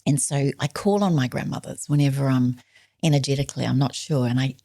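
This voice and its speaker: A middle-aged woman talks earnestly as a podcast guest, reflecting on her life in a low, gravelly voice. Her tone is mellow and unhurried, slipping now and then into a soft whisper. She is recorded close and dry. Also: no echo. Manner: earnest, drops to a soft whisper when quoting others. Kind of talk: reflective storytelling conversation.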